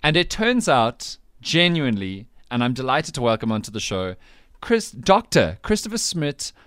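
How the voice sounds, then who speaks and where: Excitable radio host man. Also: medium pitch, normal speed, clear, resonant tone, no echo, studio quality. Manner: excitable, laughing, self-mocking. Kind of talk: lively breakfast radio chat. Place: radio studio.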